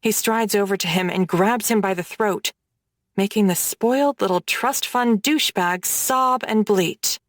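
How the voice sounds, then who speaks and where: Slow, dry-voiced woman audiobook narrator. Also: mid-range voice, dry recording. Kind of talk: first-person romance narration.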